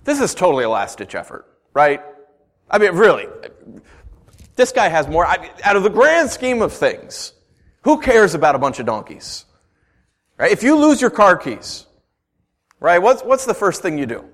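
A male pastor whose fairly high voice swings widely up and down. He reads a passage and then talks it through with the congregation in an easygoing, conversational way. He keeps tossing in rhetorical questions. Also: huge pitch swings, normal speed, long pauses. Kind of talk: sermon with scripture reading.

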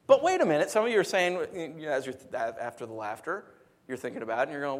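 A middle-aged married man preaching a sermon, animated and rhetorical with a humorous streak. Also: a little high, fast talker. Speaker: pastor.

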